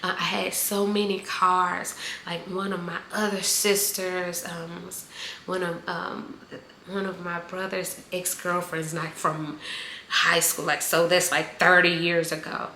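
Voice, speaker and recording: A woman in her forties telling a heartfelt personal story, halting with many fillers and close to tears at times. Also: on the low side, little pitch movement, sharp tone. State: emotional, near tears. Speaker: vlogger. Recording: echoey room, faint background noise.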